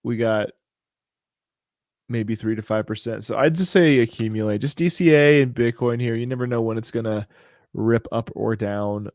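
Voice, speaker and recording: A man of medium pitch hosts a relaxed market show and talks loosely through what he sees on the charts. He rambles, restarts his sentences and leans on fillers. The sound is dry and close, with no room around it. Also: normal speed, no echo. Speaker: crypto show host. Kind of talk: casual live chart commentary.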